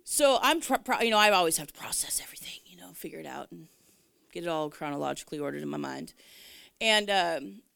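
A woman with a fairly low voice tells a personal story of faith in a chatty, animated way. She laughs often and acts out the voices of the people in the story. The sound is close and dry, with no room echo. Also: fast talker, vocal fry. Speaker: Christian minister. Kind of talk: personal testimony, casual storytelling.

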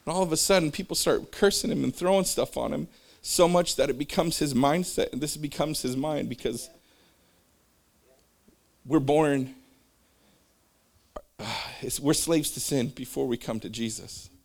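A man's voice: a little high, moderate pace, vocal fry, pauses often. A man giving an informal religious talk, wandering off into personal stories and back in a loose, conversational way. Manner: rambling, jumps between stories; conversational, with fillers.

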